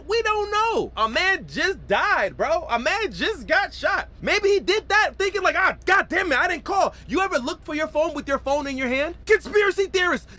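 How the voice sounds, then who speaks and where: High, animated young commentator man. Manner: animated, rambling, slangy, swears. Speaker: reaction commentator. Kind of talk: casual reaction commentary.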